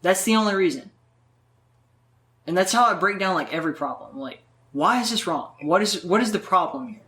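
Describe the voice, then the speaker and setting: A man in casual conversation, telling stories in a profane, animated way full of filler words. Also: sits high, fairly quick. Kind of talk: casual chat.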